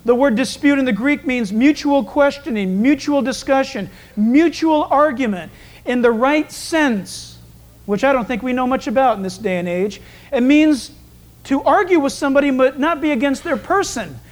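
High-voiced animated male preacher. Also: moderate pace. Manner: animated, emphatic storytelling that acts out quoted voices. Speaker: pastor. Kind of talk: expository sermon.

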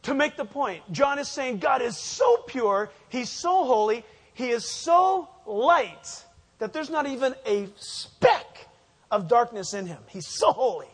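A man's voice: extremely high pitch, big pitch swings, unhurried, husky. A male pastor giving a verse-by-verse Bible teaching, emphatic and quizzing the congregation with fill-in questions.

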